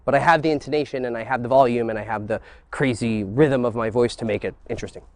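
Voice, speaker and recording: A man coaching other men on dating, in a dry, close recording. He moves between a teacherly tone and excited, crude asides, swearing casually as he explains. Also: medium pitch, fast talker, no room sound. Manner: animated, mixes teacherly talk with excited crude jokes. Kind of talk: instructional monologue.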